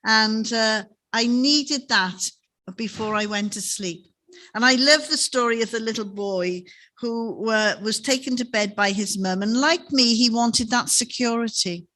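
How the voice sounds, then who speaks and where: This preacher's sermon in a chapel unfolds at a measured pace, her slightly high voice sounding bright and pushed. She relates stories in a conversational manner, frequently finishing with tag questions.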